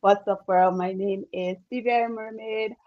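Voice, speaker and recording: A woman's voice: mid-range voice, steady tone, moderate pace. A woman, a guest cosplayer chatting on a video call, easygoing and modest, laughing often. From British Virgin Islands. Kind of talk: casual video call interview. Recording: dull lo-fi call audio.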